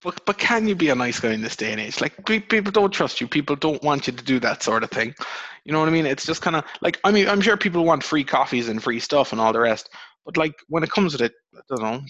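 A young Irish man hosting a podcast, telling rambling, swearing stories with sudden high jumps in his voice. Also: quick pace, dry recording, lo-fi sound. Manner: rambling, swears, animated storytelling with pitch jumps. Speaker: podcast host. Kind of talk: casual podcast chat.

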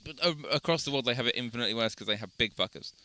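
A man's voice: mid-range voice, rapid-fire, bright, forceful tone. A young man co-hosting a casual podcast, telling jokey stories and swearing casually. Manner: joking storyteller, swears casually. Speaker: podcast co-host. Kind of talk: casual chat.

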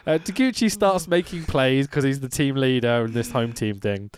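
A man co-hosting a wrestling podcast, recapping a match in casual chat, excitable and quick to laugh and swear. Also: mid-range voice, smooth. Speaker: podcast co-host.

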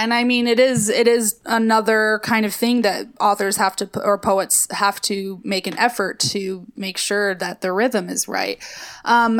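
Chatty woman explaining poetry. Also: medium pitch. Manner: explanatory, conversational. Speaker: podcast co-host. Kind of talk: casual literary discussion.

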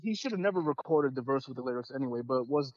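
A man's voice: medium pitch, expressive, fast talker, a little mellow, dry recording, muffled recording. A young man in casual podcast chat, laid-back, making brief remarks.

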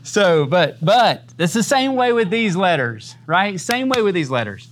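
A man with a slightly higher voice than most teaches a church Bible class. He talks casually and conversationally, often tagging his points with "man" and "right?". He breaks into easy laughter now and then. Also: sing-song, a little slow.

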